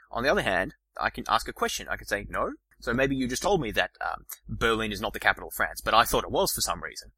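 A man hosting a podcast, explaining ideas in a lecture style, talking fast with frequent restarts and fillers. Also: on the low side, pushed and bright, slightly rough, low-quality recording. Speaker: podcast host.

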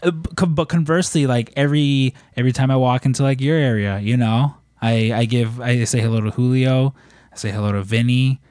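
A man chatting casually about his coworkers, halting and full of "like". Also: medium pitch, fairly even intonation, darkish tone, no room sound, clean studio sound. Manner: hesitant, lots of "like" and restarts. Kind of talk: casual chat.

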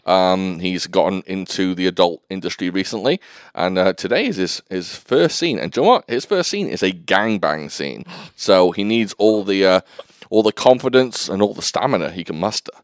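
Animated man hosting a podcast. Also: low-pitched, normal speed, dry recording, studio quality. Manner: joking, animated, teasing. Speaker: podcast host. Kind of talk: casual chat.

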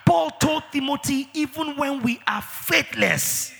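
A man preaching a sermon as pastor, emphatic, with sudden shouts and drawn-out words. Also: very high-pitched, gravelly, big-room sound, soft background music.

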